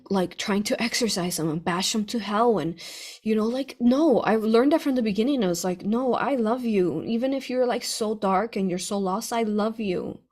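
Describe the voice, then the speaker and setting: Chatty, excitable woman author. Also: medium pitch, breathy edge. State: tearful at moments. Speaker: author answering readers' questions. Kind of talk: casual unscripted monologue.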